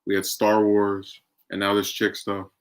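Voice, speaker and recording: While streaming, a man chats casually, reacting to his chat and arguing his opinions in an opinionated way. He talks unhurriedly in a lowish, monotone voice with a clean tone.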